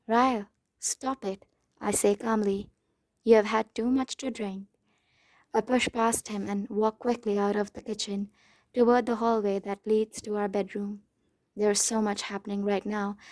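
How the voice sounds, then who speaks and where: A woman's voice: mid-range voice, darkish tone, no echo. A woman reading a novel aloud in first person, with a dramatic, emotional delivery. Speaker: audiobook narrator. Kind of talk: first-person audiobook narration.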